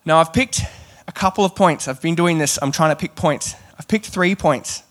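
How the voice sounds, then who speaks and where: Male preacher, casual and animated, light self-deprecating humour, slightly higher voice. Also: moderate pace. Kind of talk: sermon.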